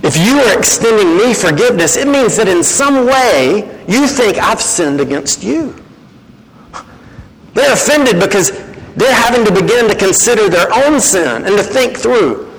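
A man's voice: high-pitched, a little slow, in a large hall, poor audio. A man preaching as a guest speaker, acting out the voices he quotes. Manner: animated, acts out quoted voices. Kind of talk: sermon.

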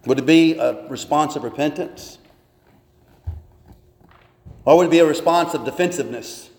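A man's voice: fairly high pitch, normal speed, a little mellow. A man preaching as pastor, reading scripture and pressing his listeners with earnest rhetorical questions. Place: church sanctuary. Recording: long reverb of a church hall.

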